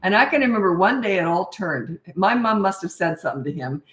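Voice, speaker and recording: A woman's voice: medium pitch, lively intonation, a little fast, echoey room. A woman in her sixties, a parenting coach answering questions in a casual livestream, telling stories in a chatty way with fillers and laughs. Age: 60s.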